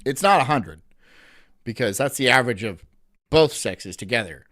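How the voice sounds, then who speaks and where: A man's voice: mid-range voice, expressive, moderate pace, a bit bright. A man rambling sardonically while streaming live commentary, laughing at his own jokes.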